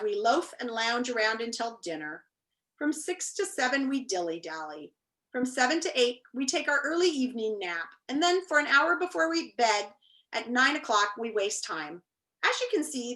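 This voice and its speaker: A woman voicing lazy, sleepy storybook creatures who love doing nothing, in an unhurried, drawling read. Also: a little high, fairly bright tone.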